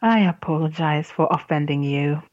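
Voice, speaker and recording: A woman's voice: low voice, normal speed, a little mellow, no echo, dull audio, lightly acted. A woman doing a sorry, pleading parrot. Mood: apologetic. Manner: pleading, polite. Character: contrite talking male parrot.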